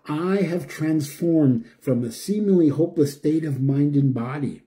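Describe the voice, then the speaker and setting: An older man giving an emotional, preachy spiritual monologue, chanting repeated phrases and swinging between loud and hushed. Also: fairly high pitch, unhurried. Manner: preachy, repetitive, chanting lists. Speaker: spiritual speaker.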